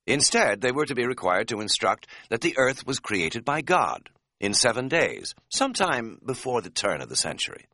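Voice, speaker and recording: Wry, lively male audiobook narrator. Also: mid-range voice, moderate pace, no room sound, studio quality. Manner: wry, deadpan humor.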